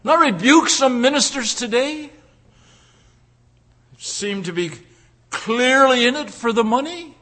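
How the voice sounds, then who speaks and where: Male preacher, high bright voice, emphatic sermon delivery that drops to a hush, stumbles and repeats words. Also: animated, takes it slowly, long pauses. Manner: emphatic, swings from loud declaring to hushed pleading; repeats and restarts words mid-phrase.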